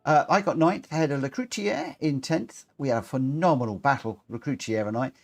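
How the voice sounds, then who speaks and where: A man's voice: medium pitch, fairly quick, soft background music. A man hosting a live racing game stream, talking in a chatty, rambling, self-deprecating way. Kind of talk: casual live-stream commentary.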